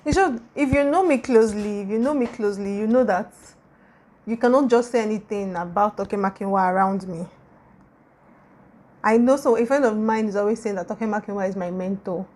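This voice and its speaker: A young Nigerian woman with a Nigerian accent, talking casually in a vlog and gushing with warm, repetitive praise. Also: medium pitch, fairly quick. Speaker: YouTuber.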